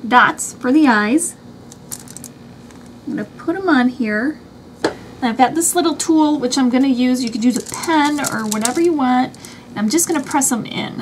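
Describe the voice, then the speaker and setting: A woman with a high, light voice walks through a craft project one step at a time, chatty and easygoing. A faint hum of room ambience sits under her voice. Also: normal speed. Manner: chatty, explains each step as she works. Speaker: craft channel host.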